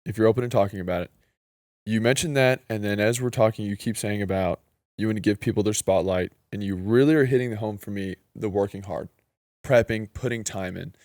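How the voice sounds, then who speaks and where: A male podcast host asking gentle, tentative interview questions. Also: fairly low pitch, brisk, dry recording, studio quality.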